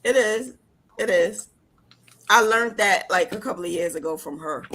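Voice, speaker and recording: A woman's voice: mid-range voice, moderate pace, fairly bright tone. A woman with a New Jersey accent hosting a casual chat on a video call, emphatic and laughing often. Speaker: host.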